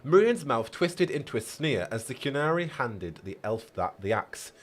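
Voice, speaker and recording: A man's voice: medium pitch, big pitch swings, moderate pace. A man reading a fantasy story aloud on a live stream, often stumbling and rereading with chatty asides.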